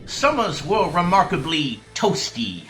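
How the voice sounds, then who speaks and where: A man's voice: on the high side, very animated, measured pace, fairly bright tone, faint music behind, pitched above the performer's own voice. A man voicing a wisecracking anthropomorphic bagel who does stand-up comedy, delivering cheesy punchlines. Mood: joking.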